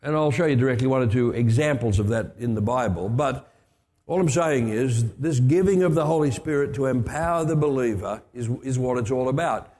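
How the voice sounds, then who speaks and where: A man's voice: mid-range voice, brisk, darkish tone. An older man preaching a storytelling sermon, chatty, with asides and restarts. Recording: long hall reverb.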